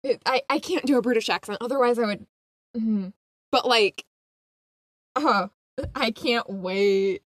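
A young woman in casual fan chat, excitable, laughing often and tossing in quick asides. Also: a little high, no room sound, studio quality.

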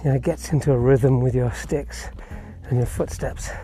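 A man's voice: medium pitch, steady tone, moderate pace, dark tone, soft background music. A man hosting his own podcast while hiking outdoors, a little out of breath, rambling with many fillers and restarts. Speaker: podcast host. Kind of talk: casual walking vlog. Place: outdoors on a hillside hiking path.

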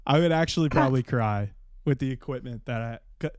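Animated young man with a smooth, dry voice. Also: mid-range voice, a little fast, dry recording. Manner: animated storyteller, swears freely, acts out quotes in a raised voice. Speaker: podcast co-host. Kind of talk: casual storytelling chat.

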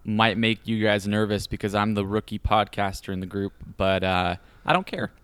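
A young man hosts a casual podcast chat in a slightly low, smooth and resonant voice. The sound is dry and close. He is self-deprecating and hesitant, often restarting his sentences. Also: normal speed, a bit bright, no room sound. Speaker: podcast host.

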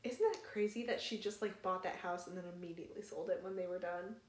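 A young woman co-hosting a podcast in casual chat, reacting with quick laughs. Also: lowish voice. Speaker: podcast co-host. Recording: roomy podcast recording.

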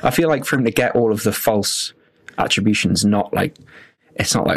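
A man's voice: on the low side, moderate pace, vocal fry, pauses often, husky, dry recording. A man co-hosting a podcast, chatting casually and rambling with fillers. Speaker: podcast co-host.

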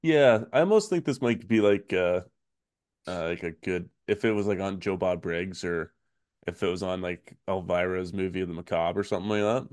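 A man with a deep, low voice hosts a casual podcast chat, rambling along with fillers and easy laughs. The recording is dry and close, with no room sound. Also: normal speed, no room sound. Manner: laid-back, rambling with fillers and soft laughs. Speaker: podcast host.

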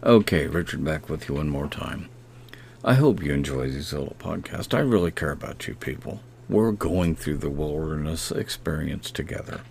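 Deep, gravelly man reading scripture slowly. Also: expressive, darkish tone, a little hiss or hum. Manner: reads verses slowly and repeats key phrases. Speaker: podcast host. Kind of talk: devotional podcast with scripture reading.

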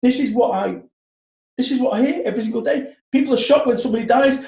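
High-voiced, sweary man. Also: quick pace, creaky, reverberant. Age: 40s. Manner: blunt, sweary, animated storytelling. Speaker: motivational speaker. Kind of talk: podcast conversation.

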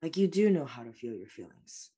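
A woman's voice: low-pitched, very animated, a little fast, mellow, breathy edge. A woman speaking as a life coach guest in an interview, answering in an earnest, reflective way with many "like" fillers.

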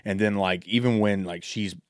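A man with a Southern American accent co-hosting a podcast in casual chat, loose and profane, joking around and now and then breaking into loud mock voices. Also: lowish voice, fairly even intonation, normal speed, dry recording, studio quality. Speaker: podcast co-host.

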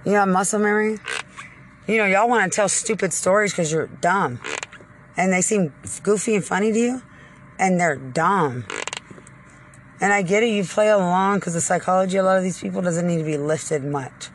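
A woman's voice: medium pitch, normal speed, slight background noise. A woman in a rambling, agitated rant, accusing and cursing at the people she blames. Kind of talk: angry rambling rant to camera.

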